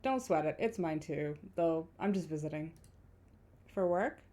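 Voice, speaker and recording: A woman's voice: low voice, lively intonation, unhurried, warm tone. A woman voicing a friendly, easygoing adult male photographer in a video game, asking curious questions in a lightly raised voice.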